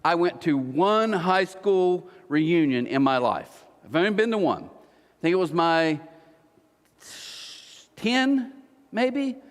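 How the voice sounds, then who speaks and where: A man in his forties preaching a sermon, telling stories with lively acted-out quotes. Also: high-pitched, slow pace, long pauses, long reverb tail. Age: 40s. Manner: animated storytelling, acting out quotes. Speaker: pastor. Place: church auditorium.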